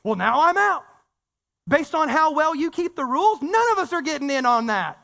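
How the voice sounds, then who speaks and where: A man preaching a casual, animated sermon, full of story and slang, with frequent repeated words. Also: very high voice, fairly quick. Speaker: pastor. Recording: long reverb of a church hall.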